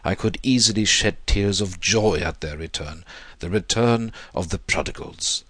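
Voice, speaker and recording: A man voicing a proud, bitter young gentleman who speaks in a stiff, wounded, formal way. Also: low voice, moderate pace, breathy edge, dry recording. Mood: anguished.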